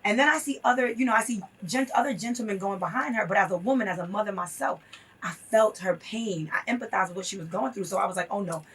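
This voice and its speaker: A woman's voice: medium pitch, fast, a bit bright, slightly rough, distant mic. A woman guest in a casual interview, talking emphatically and telling stories with acted-out quotes.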